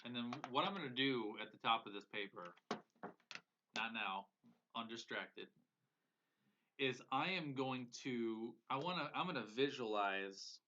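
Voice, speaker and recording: A business coach with a bright, forceful, medium-pitched voice speaks at a measured pace and pauses often during a live-streamed motivational session. He's earnest and emotional, frequently repeating phrases for emphasis, and the lo-fi audio sounds dull.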